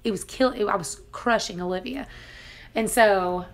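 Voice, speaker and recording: A woman's voice: mid-range voice, normal speed. A woman vlogger casually retelling a dramatic personal story, laughing now and then between lines. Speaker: family homestead vlogger.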